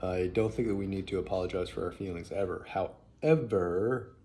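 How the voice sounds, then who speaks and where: A man talking casually and thoughtfully as a parenting teacher, halting often with fillers and restarts. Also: sits low, mellow. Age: adult parent. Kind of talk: casual spoken reflection.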